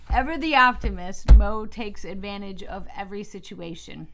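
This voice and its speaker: A woman's voice: medium pitch, normal speed, hardly any pauses, slight background noise. A woman librarian giving a chatty, enthusiastic book talk and reading aloud from a novel.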